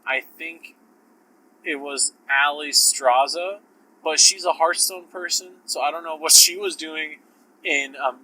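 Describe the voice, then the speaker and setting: A man's voice: fairly high pitch, unhurried, pushed and bright, a little hiss or hum, poor audio. A man hosting a podcast, with a sore throat, talking casually in a rambling, profane, self-interrupting way. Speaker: podcast host. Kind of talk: casual solo podcast talk.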